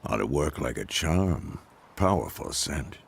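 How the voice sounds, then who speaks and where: A grizzled old monster-hunting mentor from a fantasy video game, with an extremely deep voice and a rough, gravelly fry under it. He talks in a dry, seasoned, teasing way, like someone who has seen it all. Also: sing-song, measured pace, a little hiss or hum, exaggerated voice. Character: grizzled old male witcher mentor, gruff and wry.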